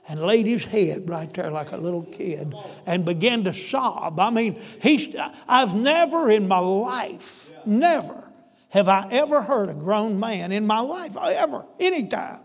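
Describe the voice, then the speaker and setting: A man's voice: high-pitched, in a large hall. A male pastor telling a story in a folksy, emphatic sermon. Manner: folksy, emphatic, addresses listeners as brother.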